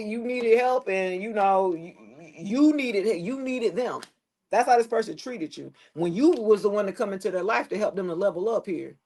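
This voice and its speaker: A woman giving a casual tarot reading to the camera, blunt and preachy, swearing freely and dropping her voice low at times. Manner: preachy, blunt and profane, with loose slangy phrasing; drops into a lower tone at times. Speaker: tarot reader.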